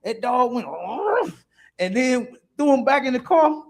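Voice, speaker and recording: Animated high-voiced man telling stories. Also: normal speed. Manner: animated storytelling with street slang. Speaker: podcast co-host. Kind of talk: casual chat.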